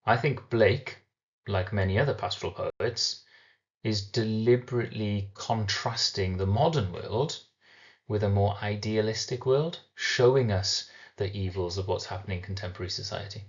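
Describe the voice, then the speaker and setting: Low-voiced male English teacher. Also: highs cut off. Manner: explains step by step, slows down to sound out syllables. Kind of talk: recorded lesson.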